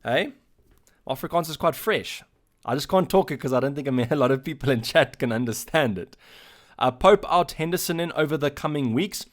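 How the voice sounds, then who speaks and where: A man with a South African accent and a slightly high voice hosts a casual live-stream Q&A. He reads chat messages aloud and responds in a loose, halting manner.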